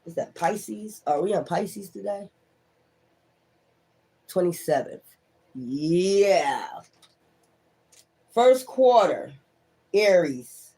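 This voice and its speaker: A man giving a casual tarot reading, talking straight to viewers with lots of swearing and laughter, and acting out their thoughts in quick asides. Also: sits high, expressive, mellow. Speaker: tarot reader.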